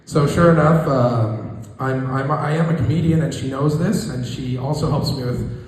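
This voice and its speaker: A man in his thirties doing a stand-up comedy set in a small room, talking in a halting, self-deprecating way with many restarts. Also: medium pitch, a little mellow. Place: small room with a live audience. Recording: echoey room recording. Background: audience laughter.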